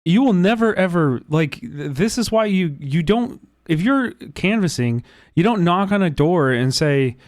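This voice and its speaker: A man hosting a livestream, talking casually in an animated, profane, rambling way with many restarts. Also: high voice, unhurried, no echo, clean studio sound. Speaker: livestream host. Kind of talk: casual reaction chat.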